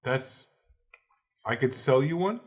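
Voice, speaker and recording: Easygoing male game master, deadpan innkeeper voice, everyday pitch. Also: takes it slowly. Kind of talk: narrating a tabletop game and playing an innkeeper.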